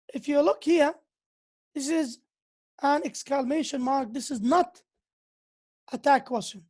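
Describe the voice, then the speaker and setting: A high-voiced woman lecturer, speaking slowly and with emphasis. She teaches English at university level, switches into to explain points, and acts out the example sentences with big, exaggerated intonation. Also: a little mellow.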